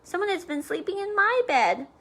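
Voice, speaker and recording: A woman's voice: very high-pitched, big pitch swings, normal speed, a bit bright, voice pushed up, exaggerated voice. A woman doing a lilting mother bear. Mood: puzzled. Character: middle-sized female mother bear, calm. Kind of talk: storybook read-aloud.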